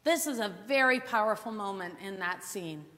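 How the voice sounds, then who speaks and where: A woman preacher teaching a Bible sermon as an expressive storyteller with dramatic pauses. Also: mid-range voice. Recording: long hall reverb.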